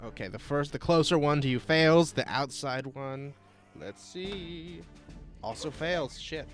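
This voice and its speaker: A man acting as game master, making rulings in a relaxed way and laughing often. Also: a little high, measured pace, soft background music. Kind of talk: running a tabletop game.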